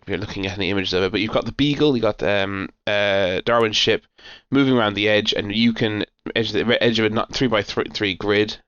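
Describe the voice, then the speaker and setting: A man's voice: lowish voice, fairly quick, few pauses, a bit bright, clear, resonant tone, no room sound, dull audio. A man co-hosting a board game podcast, chatting casually and rambling with lots of fillers and restarts. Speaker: podcast co-host. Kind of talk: casual chat.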